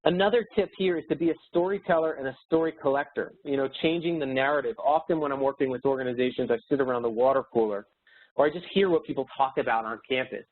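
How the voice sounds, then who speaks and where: A man's voice: mid-range voice, fast talker. A man giving a motivational webinar presentation as a speaker and educator, earnest and upbeat. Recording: tinny phone-like webinar audio.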